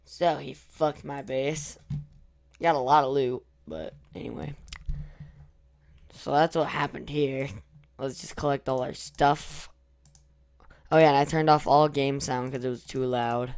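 A young man talks through his own gameplay in a loose, excitable way, drifting into mumbles and then shouting with delight. His voice is hoarse but still smooth and clear, at a middling pitch. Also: unhurried, pauses often. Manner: excitable, swings from mumbling to loud cheering. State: losing his voice. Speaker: gaming YouTuber. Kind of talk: casual gameplay commentary.

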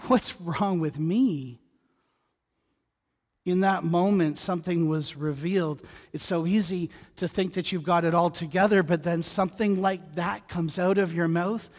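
High-voiced pastor preaching in a reverberant church. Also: male voice, a little mellow. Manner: conversational, humorous asides, storytelling. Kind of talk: sermon. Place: church sanctuary. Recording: church sanctuary with long reverb.

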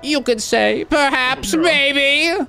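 A man voicing a nerdy, smug young male weapons maker in a high, nasal put-on voice, pompous and full of smug asides. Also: extremely slow, vocal fry, sharp tone, soft background music, heavily acted.

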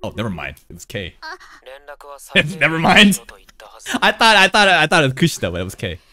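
A man's voice: a little high, huge pitch swings, brisk, bright, forceful tone. A man streaming an anime reaction, chatting casually, laughing often and talking to the characters on screen. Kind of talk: casual live reaction commentary.

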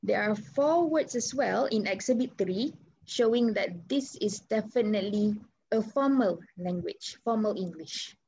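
A woman's voice: medium pitch, animated, measured pace, gravelly, a little mellow, a little hiss or hum. A woman with a Malaysian accent teaching an online English class, switching between Malay and English and asking students questions. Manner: encouraging, asks students questions. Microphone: video call. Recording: slightly muffled video call audio.

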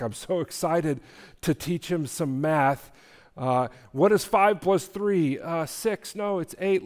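A pastor preaches with a slightly raised voice, earnest and unhurried. He repeats his key phrases and hushes them down low. The sound carries a long reverb from a church hall. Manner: earnest, repeats key phrases, drops soft for quoted words. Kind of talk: sermon. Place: church sanctuary.

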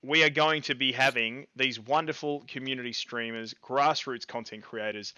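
Яркий, бойкий австралиец, ведущий подкаста. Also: male voice, medium pitch, normal speed, clean tone, no room sound, dull audio. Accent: Australian. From Australia. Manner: excitable, rambling, swears casually. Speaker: podcast co-host. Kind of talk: casual live-streamed podcast chat.

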